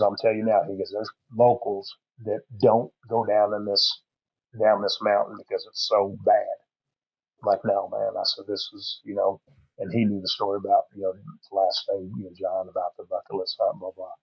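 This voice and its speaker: A man's voice: fairly low pitch, little pitch movement, normal speed, gravelly, husky, no echo, dull audio. A middle-aged man telling a long hunting story on a podcast, rambling and folksy with plenty of fillers. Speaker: podcast guest. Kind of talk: casual storytelling.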